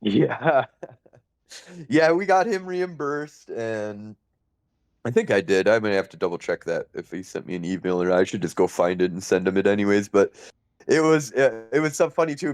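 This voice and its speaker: A man hosting a podcast, telling a story in an animated, casual way, full of fillers and laughter. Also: fairly low pitch, no echo. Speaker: podcast host.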